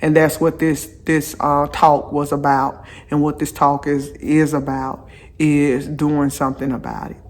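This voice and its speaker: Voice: medium pitch, little pitch movement, measured pace, darkish tone. A vlogger talking casually to viewers while out on a walk, repeating phrases for emphasis and going off on chatty asides. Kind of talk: casual walking vlog talk. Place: outdoors on a walk.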